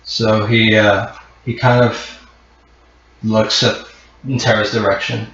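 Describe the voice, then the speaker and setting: A man's voice: lowish voice, flat delivery, takes it slowly, long pauses, a bit bright. A man narrating a tabletop game as game master, rambling with many fillers. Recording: muffled echoey room.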